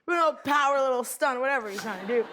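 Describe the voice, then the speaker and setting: A woman's voice: high voice, fast talker, sharp tone, slight background noise. A woman guest telling a story on a talk show, chatty and full of fillers. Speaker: guest passenger. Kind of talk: animated storytelling. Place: TV studio.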